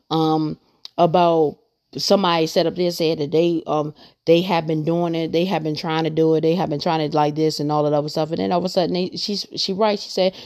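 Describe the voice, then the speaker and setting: On her podcast, a woman with a lowish, darkish voice delivers a casual faith monologue. She's earnest and rambling, going over her points again to emphasize them.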